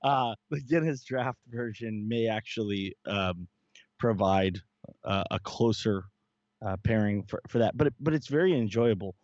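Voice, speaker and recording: A man's voice: fairly low pitch, measured pace, a little mellow, no echo, dull audio. A man co-hosting a casual cigar and beer tasting chat, talking in long rambling runs full of fillers and restarts. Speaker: podcast co-host.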